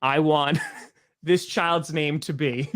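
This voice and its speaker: A man's voice: on the high side, steady tone, slow, fairly bright tone. Teasing young man on a sports podcast. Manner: laughing, teasing. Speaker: podcast co-host. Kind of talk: casual sports chat.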